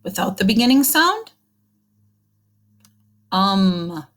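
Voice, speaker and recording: A woman teacher leads an early reading lesson, talking slowly and patiently. She sounds out short words letter by letter and cheers the children on warmly. Her pitch sits in a middle range. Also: big pitch swings. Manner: slow, encouraging, sounding words out.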